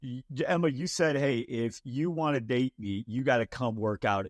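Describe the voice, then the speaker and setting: A man's voice: medium pitch, normal speed, dry recording. Playful man hosting an interview. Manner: playful, laughs often. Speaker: podcast host. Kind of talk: casual interview.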